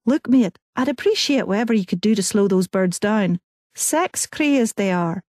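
A woman voicing a brisk, blokey young male elf who mutters curses while fleeing in an audiobook. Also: mid-range voice, lively intonation, a little mellow, no echo, studio quality, close to an everyday voice. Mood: hurried. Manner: brisk, blokey, swearing under his breath.

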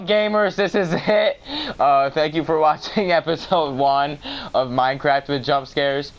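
A young man casually commentating his own game, mumbling to himself and then bursting out in excitement. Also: fairly high pitch, unhurried, low-quality recording. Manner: excitable, swings from mumbling to yelling. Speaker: gamer. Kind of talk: casual let's-play commentary. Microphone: cheap mic with white noise.

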